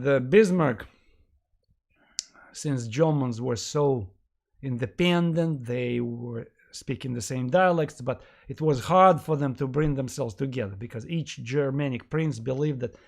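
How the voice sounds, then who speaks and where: A man giving a history lecture to a class, emphatic and animated, who often asks rhetorical questions and uses many fillers. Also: mid-range voice, measured pace, gravelly.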